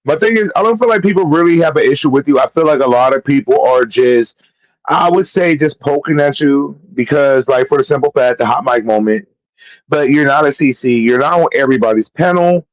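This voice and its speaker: A man's voice: fairly high pitch, a little fast, no room sound. Chatty livestream host man, dull dry audio. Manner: talkative, interrupting, blunt. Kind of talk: casual livestream chat.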